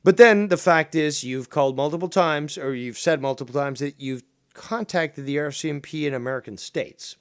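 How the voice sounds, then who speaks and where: A man's voice: a little high, moderate pace, smooth, no room sound, clean studio sound. A man hosting a call-in stream, ranting in an angry, mocking way with a lot of swearing. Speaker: stream host. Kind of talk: ranting livestream commentary.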